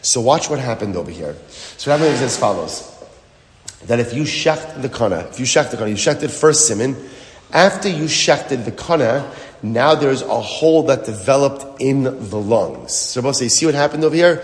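A man's voice: mid-range voice, expressive, moderate pace. A man explaining a Talmud passage in an emphatic way, repeating phrases and asking rhetorical questions. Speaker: Talmud teacher. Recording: echoey hall with long reverb.

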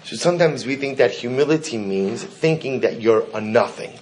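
A man's voice: medium pitch, normal speed, a little mellow. A man leading a Talmud lesson. He chants the Hebrew text aloud, then explains it line by line in English. Now and then he stops to ask his students a question. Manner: asks the class questions. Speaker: Torah teacher. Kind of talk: Talmud class lecture.

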